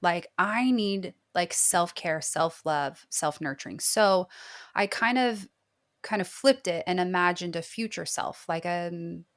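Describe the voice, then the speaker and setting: A woman's voice: on the low side, a little slow. A woman in her thirties, a therapist guest on a podcast interview, talking in an earnest, reflective way, full of "like.". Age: 30s. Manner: earnest, reflective, heavy use of "like".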